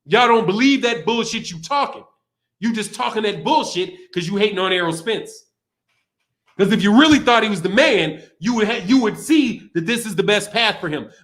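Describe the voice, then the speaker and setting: A man's voice: sits high, expressive, normal speed, a bit bright. A man hosting a boxing livestream, ranting in a heated, profane way, laughing often and repeating himself, with speech. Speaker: boxing channel host. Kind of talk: livestream commentary rant.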